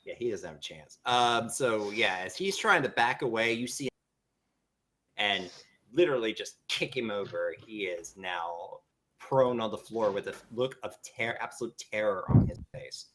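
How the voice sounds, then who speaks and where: Male game master, bright tone, casual halting tabletop narration. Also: fairly low pitch, lively intonation. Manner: halting, with many uhs and laughs.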